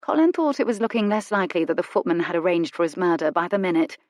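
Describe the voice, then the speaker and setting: A woman narrating a romance audiobook with measured, wry storytelling. Her voice sits fairly low. The sound is dry and close, with no room in it. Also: darkish tone, dry recording. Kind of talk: scripted narration.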